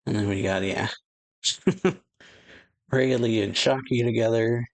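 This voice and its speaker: A man's voice: mid-range voice, fairly even intonation, slow pace, pauses often, no echo, poor audio. A man hosting an anime reaction channel, reading through manga pages in a casual, rambling way with frequent chuckles and filler words.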